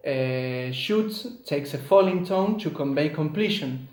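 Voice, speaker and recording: Slow, careful man in an echoey room. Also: fairly high pitch, expressive, darkish tone. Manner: measured, with frequent filler hesitations. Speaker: student presenting an assignment. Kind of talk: read-aloud academic presentation.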